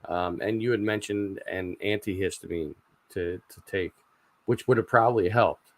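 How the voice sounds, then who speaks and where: A man in his forties hosting a casual livestream chat, rambling and halting with lots of fillers and repeated words. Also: deep voice, no room sound. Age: 40s. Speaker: channel host.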